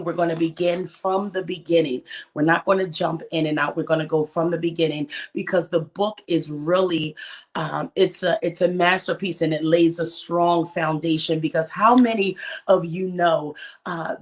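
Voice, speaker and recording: Energetic preachy woman on a live stream. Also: on the low side. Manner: energetic, preachy and encouraging, repeats phrases for emphasis. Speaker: author and life coach. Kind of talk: live-stream book talk.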